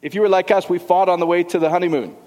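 A middle-aged male pastor preaching a sermon in a church hall, lively and joking, firing rhetorical questions at the congregation. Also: high-pitched, very fast, muffled recording. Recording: long hall reverb.

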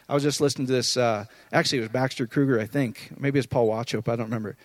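A man's voice: mid-range voice, rapid-fire, few pauses, dry recording. A man preaching an informal, conversational sermon, often checking in with his listeners. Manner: conversational, animated, often asks "does that make sense".

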